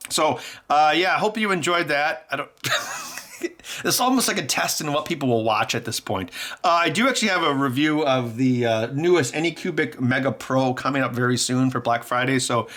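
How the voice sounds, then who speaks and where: A man hosting a casual vlog, animated and jokey with frequent laughter. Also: mid-range voice, a little fast. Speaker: tech YouTuber.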